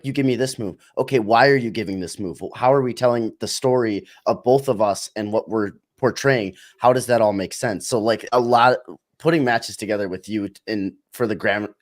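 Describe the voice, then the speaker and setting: Guest, man, mid-pitched, relaxed and rambling. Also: dry recording, studio quality. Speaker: podcast guest, wrestler. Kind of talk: casual interview chat.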